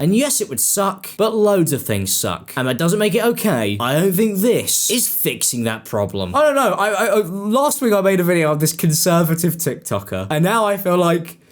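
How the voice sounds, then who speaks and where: A man doing casual, sarcastic commentary for his channel, rambling and swearing. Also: a little high. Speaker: commentary YouTuber.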